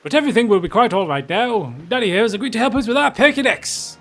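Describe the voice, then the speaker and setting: A man's voice: high-pitched, animated, quick pace, a bit bright, soft background music, pitched above the performer's own voice, exaggerated voice. A man voicing a clumsy, posh British male professor in a game. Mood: cheery.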